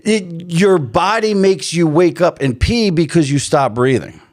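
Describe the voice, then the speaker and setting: A middle-aged man co-hosting a podcast, chatting casually in a high-pitched voice, excitable and jokey, laughing often. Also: measured pace, a little hiss or hum. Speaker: podcast co-host. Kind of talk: casual chat.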